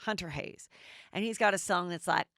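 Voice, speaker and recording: A middle-aged woman hosting a podcast, recapping reality TV in a chatty, animated way. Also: lowish voice, moderate pace, no echo. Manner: chatty, animated, does voices. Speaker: podcast host.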